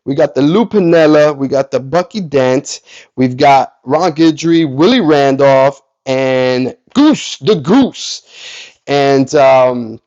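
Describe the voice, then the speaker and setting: A man hosting a card collecting vlog, telling a rambling story with many self-corrections and lively quotes of other people. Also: fairly high pitch, dull audio. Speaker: card collecting channel host.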